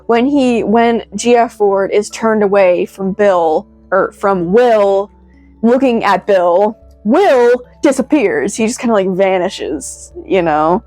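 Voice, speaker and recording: A woman's voice: mid-range voice, slow pace, no echo, faint music behind. Rambling woman, lots of "like". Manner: rambling, many "like" fillers, excitable. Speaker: video reviewer. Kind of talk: casual commentary.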